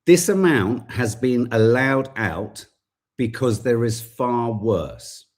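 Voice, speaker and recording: Husky, indignant podcast host. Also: male voice, medium pitch, lively intonation, takes it slowly, darkish tone. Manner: impassioned, indignant, swears. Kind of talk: political commentary podcast.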